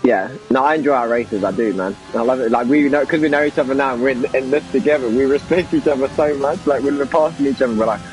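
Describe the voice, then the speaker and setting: Chatty excitable man commentating a race. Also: mid-range voice, quick pace, hardly any pauses, faint music behind, low-quality recording. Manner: excitable, chatty, addresses viewers as guys. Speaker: league commentator. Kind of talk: casual esports race commentary.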